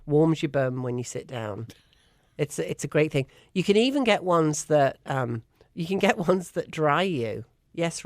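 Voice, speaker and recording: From England and speaking with an English accent, a woman co-hosts a casual chat show in a lowish voice, chatting with emphatic enthusiasm and frequent laughter. The sound is clean studio quality with a dry recording.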